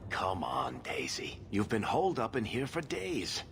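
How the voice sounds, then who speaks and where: An actor playing a wry, teasing dwarf rogue in a game, with dry banter. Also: male voice, mid-range voice, wildly swooping pitch, measured pace, vocal fry, fairly bright tone, slight background noise, heavily acted.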